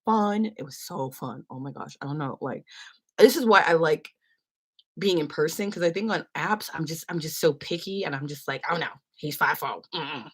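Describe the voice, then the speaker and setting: A woman's voice: sits low, normal speed, slightly rough. A young woman from San Francisco, chatting and rambling through a story on a livestream, full of fillers. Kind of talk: casual storytelling chat.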